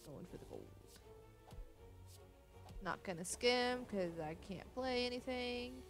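A woman's voice: on the high side, lively intonation, takes it slowly, soft background music. A woman hosting a gaming channel, giving casual commentary as she plays and muttering, often cursing at the game.

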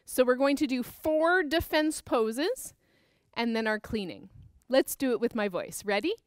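A woman's voice: sits high, lively intonation, a little slow, dry recording, clean studio sound. Upbeat woman teaching kids' dance. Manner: upbeat, counting out moves and cueing children. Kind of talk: kids' creative movement class. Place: dance studio with a piano.

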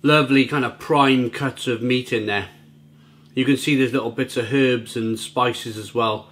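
A man reviewing food for his vlog from home, chatty and rambling. His pitch sits in an ordinary middle range. He keeps stumbling over and repeating his words as he goes. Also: steady tone, unhurried, a bit bright. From Britain. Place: at home, near the grill.

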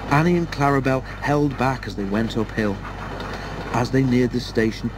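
A man reads a children's storybook aloud with steady, measured pacing at a middling pitch. A faint background noise runs beneath his voice. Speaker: narrator. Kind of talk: storybook reading.

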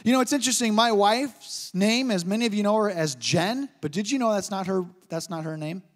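In a hall with long reverb, a pastor in his thirties teaches his sermon through jokes and stories. His delivery is animated and brisk, and his voice is high-pitched.

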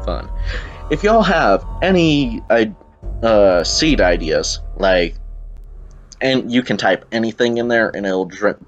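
Chatty low-voiced Southern young man. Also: muffled recording. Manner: rambling, chatty, self-interrupting. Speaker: gameplay YouTuber. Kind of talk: casual let's-play commentary. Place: at home. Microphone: computer camera mic.

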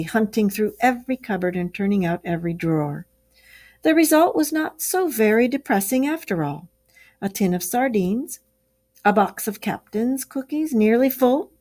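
A woman's voice: mid-range voice, warm tone. A woman teacher reading a story aloud to young pupils and stopping to explain words. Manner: explains words to children as she reads. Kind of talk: classroom read-aloud.

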